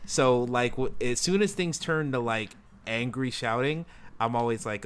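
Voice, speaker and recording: A man's voice: mid-range voice, normal speed, a bit bright. A man talking as a guest in a casual podcast chat, hesitant, stammering and self-deprecating.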